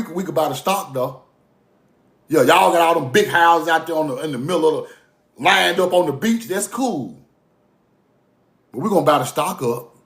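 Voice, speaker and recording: A man holds forth in a loose, preachy monologue, his voice rising and dropping widely. He laughs often as he talks. The recording has a roomy echo. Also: fairly high pitch. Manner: animated, preachy, swings between soft asides and raised bursts; laughs often while talking. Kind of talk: casual monologue.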